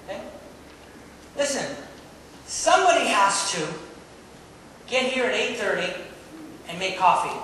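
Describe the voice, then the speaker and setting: A man's voice: high-pitched, measured pace, long pauses. Pastor, male, playful call-and-response preacher, heard far off in a big reverberant church with room noise. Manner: lively, joking preaching with audience call-and-response. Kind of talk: sermon. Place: church sanctuary. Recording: echoey hall, mic far off.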